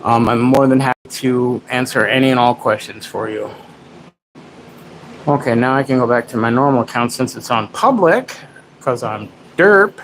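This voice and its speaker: A man's voice: medium pitch, moderate pace, fairly bright tone, a little hiss or hum, low-quality recording. A man hosting a casual livestream from home, rambling, mocking himself and baby-talking to his dog. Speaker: livestream host.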